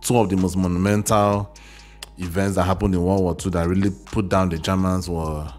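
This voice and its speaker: A man's voice: low voice, flat delivery, moderate pace, a little mellow, faint music behind. A man from Africa reacting to a documentary in casual commentary, candid and chatty with frequent restarts and exclamations. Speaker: reaction video host.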